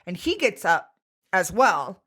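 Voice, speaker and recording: A young woman co-hosting a podcast, telling a dating story in a candid, profane, animated way. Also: medium pitch, slow. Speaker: podcast co-host. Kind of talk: casual chat, storytelling.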